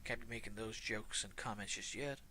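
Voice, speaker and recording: A man's voice: lowish voice, fairly quick, bright, forceful tone, slight background noise. Rambling man in his thirties streaming. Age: 30s. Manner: rambling, self-mocking asides. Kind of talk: casual gameplay commentary. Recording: game music playing behind.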